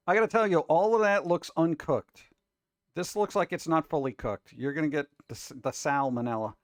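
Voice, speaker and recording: A man's voice: a little high, lively intonation, quick pace, no echo. A man hosting a casual reaction show about food videos, talking in an exasperated, wisecracking way.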